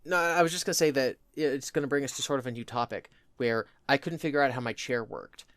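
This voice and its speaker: A man's voice: medium pitch, fast talker, a bit bright, no echo. A young man from New Jersey with a New Jersey accent, co-hosting a podcast in rambling casual chat and laughing often. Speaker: podcast co-host.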